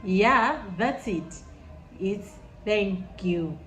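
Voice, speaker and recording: A woman from Malawi with a Malawian accent, teaching a language lesson in an enthusiastic way and repeating words slowly for learners. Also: medium pitch, animated, a bit bright, faint music behind. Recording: echoey room with faint noise.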